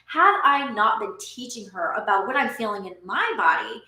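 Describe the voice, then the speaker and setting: A woman in her thirties talks straight to camera as a parent coach, earnest and explanatory, with a bright, clear tone. Her voice carries a noticeable room echo, and she laughs lightly between points. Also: medium pitch, sing-song, moderate pace. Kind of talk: talking-head vlog.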